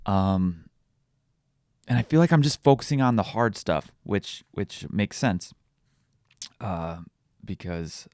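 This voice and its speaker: A man in his thirties hosting a parenting podcast, talking candidly in a halting, reflective way with many fillers and restarts. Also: deep voice, creaky, no echo, clean studio sound. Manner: quietly emotional, reflective. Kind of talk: confessional solo podcast monologue.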